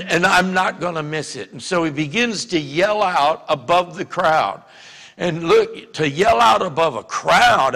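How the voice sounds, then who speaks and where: A pastor with a Louisiana accent and a high-pitched voice preaches a sermon in a large hall. He talks conversationally, restarting often and rising into shouts.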